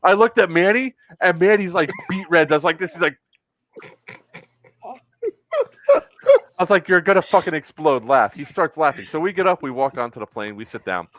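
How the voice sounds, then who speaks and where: A man hosting a casual podcast chat, telling a long story in an animated, exasperated and profane way. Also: a little high, moderate pace, pauses often, no echo. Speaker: podcast host.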